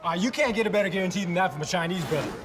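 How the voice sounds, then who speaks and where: Brief: cocky young man, slangy and boastful, high voice, music under. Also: racing, a bit bright. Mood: bragging. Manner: slangy, swaggering, says "man" a lot. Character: brash boastful young man bragging to a buddy. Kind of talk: comedy film scene.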